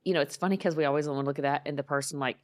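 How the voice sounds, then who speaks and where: A woman's voice: low-pitched, steady tone, rapid-fire. A married woman co-hosting a casual faith podcast, telling a personal story earnestly and acting out quoted lines. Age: adult, married. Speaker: podcast co-host.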